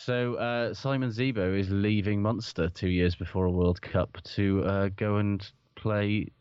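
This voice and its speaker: Podcast co-host, male, very low voice, dry close sound, rambling and sweary delivery. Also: steady tone, unhurried, a little mellow, clean tone, dry recording, dull audio. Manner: swearing, rambling, laughs often. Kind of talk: casual sports chat.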